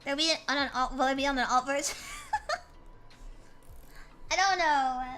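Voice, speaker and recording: A woman's voice: sits high, fast, sharp tone, a little hiss or hum. A woman streamer chatting casually with her viewers, complaining in a playful, mock-dramatic way.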